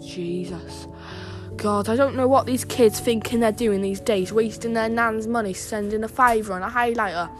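A woman's voice: on the high side, moderate pace, over music, close to an everyday voice. A woman doing a rambling, crude old nana. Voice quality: rambling, blunt, sweary. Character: gossiping old British grandmother, rambling and crude. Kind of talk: comic storytelling monologue.

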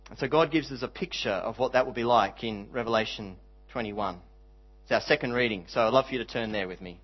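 A male pastor delivering a sermon in an earnest voice of middle pitch. He reads scripture aloud and draws out key words to stress them. The recording sounds slightly dull. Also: fairly quick, slightly rough.

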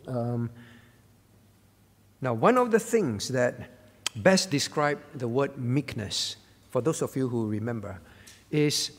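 A man's voice: medium pitch, big-room sound. A male pastor preaching a sermon at a prayer meeting, earnest, teaching with rhetorical questions and fillers. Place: church.

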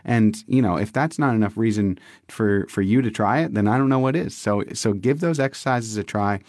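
A young man co-hosts a casual wellness podcast, his voice sitting a little low. He speaks with eager enthusiasm, often stopping and restarting mid-sentence. The recording is dry and close, with no room sound. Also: normal speed, darkish tone, dry recording. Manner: enthusiastic, frequent restarts and fillers. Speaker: podcast co-host.

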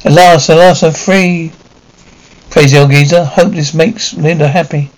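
A man's voice: fairly high pitch, steady tone, unhurried, natural voice, rough recording. A man reading the part of a nervous, stammering husband who has lost his job again. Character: hapless henpecked husband who keeps losing jobs.

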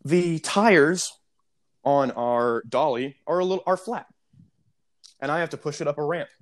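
A young man casually telling a story on a podcast, animated, acting out the people in it. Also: fairly high pitch, measured pace. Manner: animated storyteller, mimics customers.

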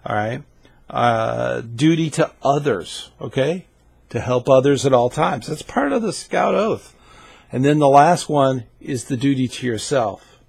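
Brief: man, scouting leader teaching on camera, gravelly and husky voice, chatty, keeps asking "okay?". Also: medium pitch, darkish tone, no echo. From United States. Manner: conversational, keeps checking in with "okay?". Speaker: scouting leader and channel host. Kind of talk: instructional video talk.

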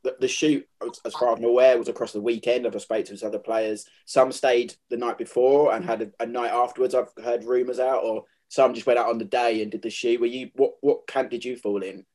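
A man's voice: medium pitch, steady tone, brisk, hardly any pauses, darkish tone. A man hosting an interview, asking long, friendly, rambling questions. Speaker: interviewer, host. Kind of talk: conversational interview.

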